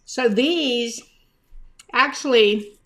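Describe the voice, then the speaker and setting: A woman's voice: on the high side, extremely slow, fairly bright tone. A woman chats her way through a casual live stream, taking her time and speaking in a slightly raised voice. She calls out viewers by name and shows items to the camera, now and then talking with her mouth full.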